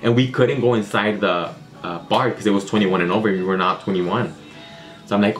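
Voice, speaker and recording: A man's voice: fairly low pitch, fairly even intonation, brisk, faint music behind. A young man telling a story to camera in a casual, rambling way, with lots of filler words. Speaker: vlogger.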